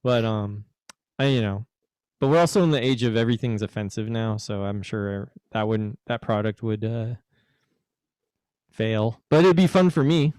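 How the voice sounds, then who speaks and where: A man's voice: lowish voice, expressive, moderate pace, a little mellow, smooth, dry recording, studio quality. A man hosting a casual podcast chat, teasing and rambling as he talks. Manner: teasing, rambling, puts on a joke British accent. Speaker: podcast host.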